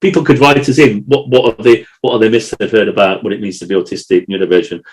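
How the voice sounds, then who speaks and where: A man's voice: on the low side, steady tone, fast, noisy background. A man co-hosting a podcast, talking in an emotional, rambling way with many restarts and repeated words. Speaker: podcast co-host. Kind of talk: casual chat.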